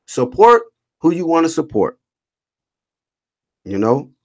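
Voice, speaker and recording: A man's voice: a little high, slow pace. A man hosting a casual boxing livestream, reading chat comments aloud and answering them in a blunt, slangy, swearing rant. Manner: blunt, animated, reads chat comments aloud and rants back.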